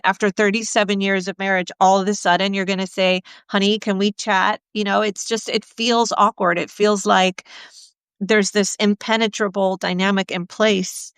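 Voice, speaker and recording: A middle-aged woman therapist tells frank stories about her clients, her voice smooth and clear. She slips into the voices of the people she quotes as she talks. The sound is dry and close, with no room around it. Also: mid-range voice, normal speed, no room sound. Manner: candid, animated storyteller acting out quotes. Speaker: sex therapist. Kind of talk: conversational storytelling.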